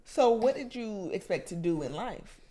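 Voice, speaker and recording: A woman co-hosting a podcast who cuts in with quick jokes during casual chat. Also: medium pitch, lively intonation, warm tone. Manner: quick joking interjections. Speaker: podcast co-host.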